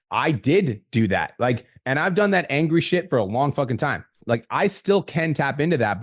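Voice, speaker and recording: A man's voice: medium pitch, no echo, clean studio sound. A man hosting a podcast in casual chat, talking bluntly and swearing often. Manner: fast, blunt, swears a lot. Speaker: podcast host.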